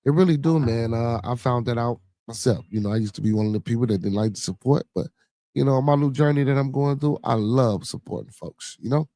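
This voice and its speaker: A man's voice: medium pitch, brisk, mellow, no echo, clean studio sound. A man hosting a casual livestream podcast, talking in slang and repeating his catchphrases three times over. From Chicago. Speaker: podcast host.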